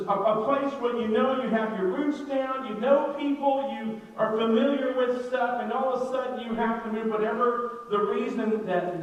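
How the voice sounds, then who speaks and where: A middle-aged man, a pastor preaching a sermon, energetic and joking, speaking straight to his congregation with many restarts. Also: very high-pitched. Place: church sanctuary. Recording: echoey hall, mic far off.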